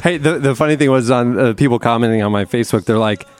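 A man's voice: medium pitch, fast, clear, resonant tone. Chatty enthusiastic male podcast host. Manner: chatty, enthusiastic storyteller with restarts. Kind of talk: casual chat and host-read ad. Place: studio.

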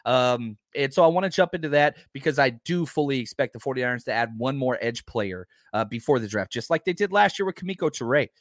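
A man hosting a casual live podcast, talking in a rambling, excitable way with lots of fillers. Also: mid-range voice, brisk, few pauses, dry recording, studio quality. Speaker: podcast host.

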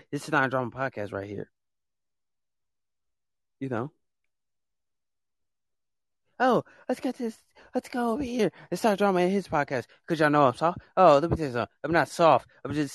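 A man's voice: medium pitch, no echo. A man who hosts a podcast, scolding listeners in a heated, repetitive rant about trolls and bans. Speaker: podcast host. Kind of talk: ranting monologue.

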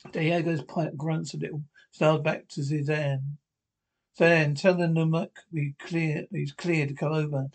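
Man reading a script aloud, stumbling. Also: on the high side. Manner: reads stage directions and dialogue aloud with stumbles and restarts. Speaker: reader of an episode script. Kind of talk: read-aloud script narration.

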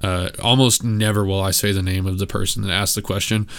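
A man with a lowish voice and a smooth, clear tone talks through a solo podcast episode. He rambles casually with plenty of "uh"s, speaking candidly and plainly. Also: fairly even intonation, fairly quick, fairly bright tone. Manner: casual, rambling, candid with frequent filler words. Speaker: podcast host.

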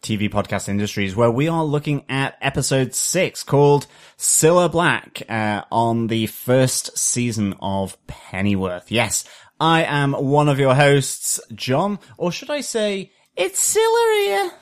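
A man's voice: mid-range voice, animated, a little slow. A man co-hosting a podcast in casual chat, rambling and hesitant, with frequent ums and restarts. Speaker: podcast co-host.

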